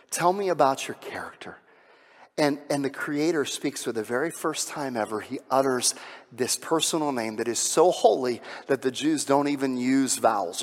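Conversational preacher in a reverberant hall. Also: male voice, mid-range voice. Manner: conversational preaching, drops to a hush on solemn lines, builds loud on climaxes. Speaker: pastor. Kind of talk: sermon.

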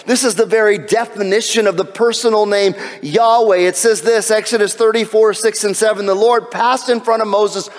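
A man preaching a sermon in an animated way, with jokes and asides. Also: high-pitched, moderate pace, hardly any pauses, long reverb tail. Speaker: pastor.

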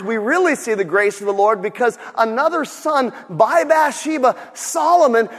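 High-voiced preaching man in a hall. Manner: animated preaching, repeats words, drops soft for storytelling, rises to shouts. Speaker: pastor. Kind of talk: sermon.

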